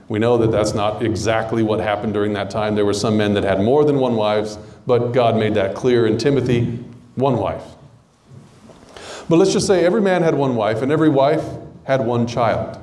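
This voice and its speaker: A man's voice: lowish voice, lively intonation, normal speed, a little mellow. A man preaching a conversational sermon, telling a Bible story and acting out its characters. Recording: roomy echo.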